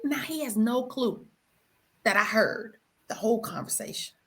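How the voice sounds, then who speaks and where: A woman guest telling the story of her marriage with animation and feeling, calling her listener "girl" and dropping to hushed tones at solemn moments. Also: a little high, moderate pace. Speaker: guest sharing her testimony. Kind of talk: emotional personal storytelling.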